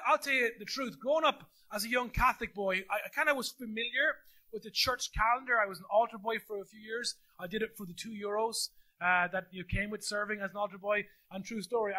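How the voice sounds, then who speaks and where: An Irish man preaching as a pastor in a church, telling stories in an animated, jokey way and acting out the dialogue. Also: very high-pitched. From Ireland. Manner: animated, jokey storyteller who acts out dialogue. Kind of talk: sermon storytelling. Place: church auditorium.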